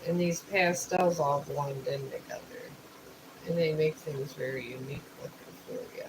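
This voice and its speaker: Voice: mid-range voice, normal speed. A live streamer chatting casually while painting, thinking aloud and explaining the art supplies step by step. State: just woke up. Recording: steady background noise.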